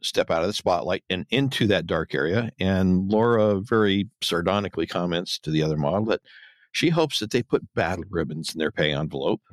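A man with a low voice, co-hosting a casual podcast and walking through an episode scene by scene. He adds dry, wry asides along the way. The sound is close and dry, with no room around it. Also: expressive, a little fast, dry recording. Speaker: podcast co-host. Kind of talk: casual chat, recapping an episode.

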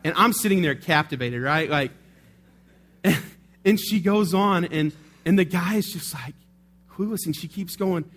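This is a man's voice, pitched slightly above the typical male range, delivering a sermon at an easy, unhurried pace. The pastor keeps things conversational, as if talking with his congregation, frequently tossing in tag questions to check on his listeners.

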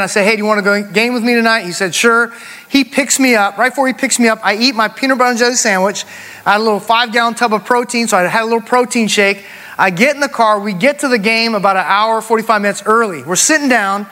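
High-pitched preacher in a hall. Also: male voice, pushed and bright. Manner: storytelling, emphatic, addresses congregation as y'all. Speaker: pastor. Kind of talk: sermon with personal story. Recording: long hall reverb.

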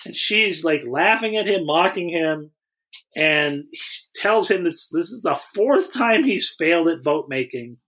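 Bright-voiced man recapping a movie. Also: fairly high pitch, lively intonation, a little slow. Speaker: podcast co-host. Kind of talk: casual chat recapping a movie.

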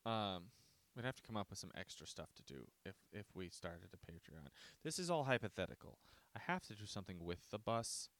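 A man's voice: low voice, animated, brisk, a bit bright, no echo. Solo podcast host, male, dry close sound, loose rambling delivery with profane jokes. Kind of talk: casual solo podcast chat.

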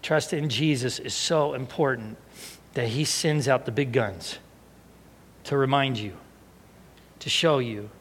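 A male pastor telling a personal story in a sermon, animated and expressive, sometimes falling to a hushed, emotional tone. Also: medium pitch, unhurried, pauses often, slightly rough. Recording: long hall reverb.

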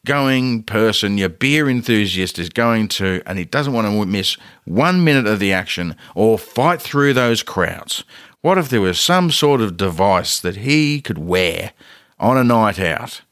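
A man's voice: fairly low pitch, dry recording, clean studio sound. Australian man telling a rambling story. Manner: rambling, animated quoting of others. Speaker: podcast co-host. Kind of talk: casual comedic storytelling.

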